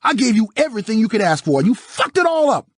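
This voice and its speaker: A man voicing an enraged young woman who shouts in a shrill, high voice in an audiobook. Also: big pitch swings, quick pace, no echo, clean studio sound. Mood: screaming.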